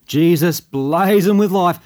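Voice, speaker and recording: A man's voice: sits high, takes it slowly, a little mellow, soft background music. A man with an Australian accent, telling a story in a folksy, conversational bush-yarn manner as scripted radio narration.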